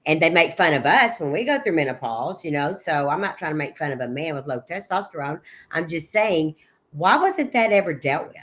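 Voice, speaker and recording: A middle-aged woman, a guest on an interview podcast, recounting her son's final months in a halting way, with many restarts and recalled conversations. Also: low-pitched, animated. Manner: halting, with frequent restarts and quoted dialogue. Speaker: guest, bereaved mother. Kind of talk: personal account in an interview.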